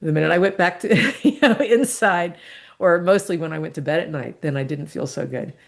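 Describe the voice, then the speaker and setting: A middle-aged woman, a podcast guest, telling a personal story in a candid, reflective way and laughing softly between thoughts. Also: deep voice, fairly quick, vocal fry.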